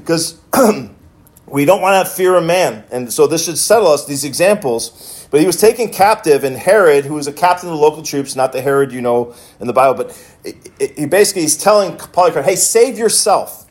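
A man's voice: on the high side, animated, fairly quick. A male pastor telling a story in a sermon, with many restarts as he retells it.

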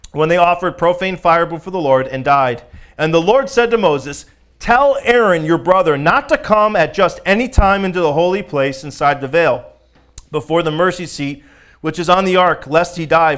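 A man with a notably high-pitched voice delivers a teaching sermon. He reads scripture aloud and breaks off to speak directly to his congregation, stressing key words with emphasis in a casual, conversational tone. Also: fairly bright tone. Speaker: pastor.

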